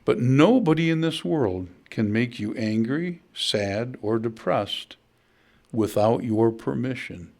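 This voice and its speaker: A man's voice: mid-range voice, expressive, slow pace, vocal fry, darkish tone. A middle-aged man, preaching a conversational sermon to his congregation and telling stories. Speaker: pastor.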